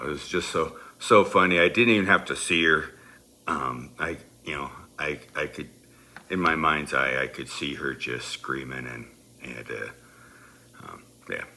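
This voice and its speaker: A middle-aged man with a very deep yet bright, forceful voice tells a family story, rambling along with plenty of "you know" fillers. He keeps laughing as he talks, and a faint hiss sits under the recording. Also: gravelly. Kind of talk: casual personal anecdote.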